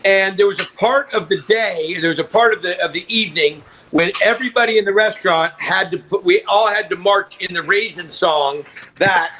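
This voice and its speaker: A man's voice: sits high, normal speed, bright, forceful tone, poor audio. A middle-aged man chatting over a video call from home, telling loose stories and laughing easily. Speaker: celebrity guest. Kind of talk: casual video-call chat. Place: home at a ranch.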